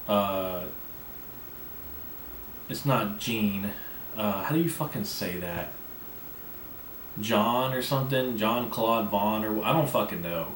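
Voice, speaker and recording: Recorded from a distance, this lowish male voice belongs to a podcast host who rambles profanely through a casual solo rant. He speaks with a slight lisp and coughs along the way, and the sound is roomy and off-mic with a little background noise.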